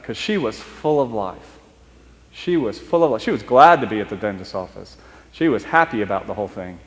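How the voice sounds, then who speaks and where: Guy priest telling a story in a sermon, chatty and halting, mid pitch, church reverb. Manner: conversational, halting restarts, speeds up and slows for emphasis.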